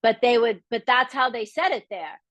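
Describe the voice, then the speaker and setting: Candid woman coaching, fairly high voice. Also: normal speed, no room sound. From Boston area, Massachusetts. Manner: candid, animated, acts out quoted voices. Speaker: business coach. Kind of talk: live masterclass talk.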